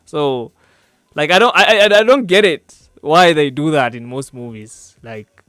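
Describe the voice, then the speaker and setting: A man's voice: a little high, very animated, measured pace, a bit bright, smooth, dry recording, studio quality. A young man with a Kenyan accent hosting a casual podcast, joking and laughing often. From East Africa. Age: young adult. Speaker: podcast host.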